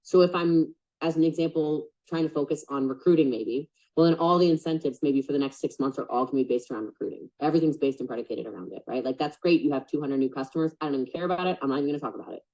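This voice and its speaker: Woman business coach, low voice, casual and blunt, muffled video-call sound. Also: rapid-fire, hardly any pauses, mellow. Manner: chatty and blunt, lots of fillers. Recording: dull lo-fi call audio.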